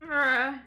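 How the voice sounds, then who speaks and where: A woman's voice: high-pitched, sharp tone. A young woman streaming a game live, chatting casually and often breaking into giddy laughter and exclamations. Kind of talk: live gameplay stream chat. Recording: faint music behind the voice.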